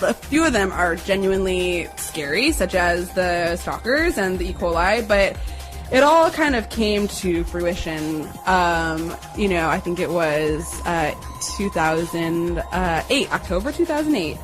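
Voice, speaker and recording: A woman's voice: on the low side, lively intonation, unhurried, soft background music. Chatty young woman telling a story. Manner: chatty, heavy on fillers, acts out quotes, swears. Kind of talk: casual personal storytelling.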